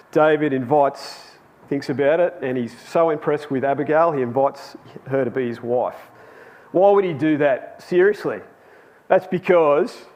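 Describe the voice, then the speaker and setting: A man's voice: fairly high pitch, darkish tone. A man telling a personal story in a chatty, anecdotal sermon to a youth Bible class in a church hall. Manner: chatty and anecdotal, with laughs and restarts.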